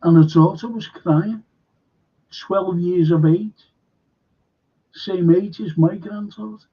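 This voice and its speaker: An older man with a Liverpool accent, rambling bluntly and swearing as he hosts a live football chat. His voice is husky and sits a little high. The stream audio sounds dull and lo-fi. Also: slow. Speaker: host.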